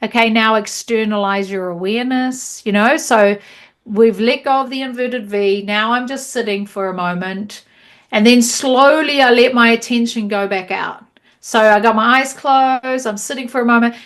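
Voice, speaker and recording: A woman teaching meditation trainees over a video call, demonstrating guiding cues in a slow, calm voice. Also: on the high side.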